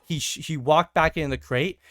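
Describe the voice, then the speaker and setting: A podcast host telling a story in a casual, animated way, cursing freely and acting out the people involved, with frequent stammered restarts. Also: mid-range voice, moderate pace, no room sound, clean studio sound.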